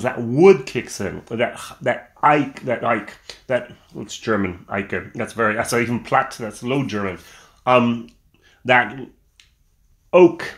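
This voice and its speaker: A man's voice: mid-range voice, fairly bright tone. A man giving a casual, enthusiastic whisky review on camera at home, chatting with frequent restarts and fillers. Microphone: camera mic.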